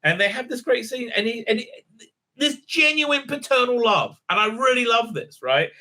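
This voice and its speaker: A man's voice: extremely high pitch, lively intonation, moderate pace, pushed and bright. A man giving a casual spoiler recap and review of a TV episode, rambling with lots of fillers and "right?", breaking into enthusiastic praise. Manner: rambling, heavy fillers, keeps asking "right?". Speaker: TV show reviewer.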